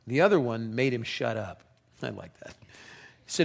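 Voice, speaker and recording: Pastor guy preaching, lively storytelling, reads scripture out loud. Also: mid-range voice, normal speed, vocal fry. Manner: animated storytelling, reading scripture aloud. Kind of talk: sermon.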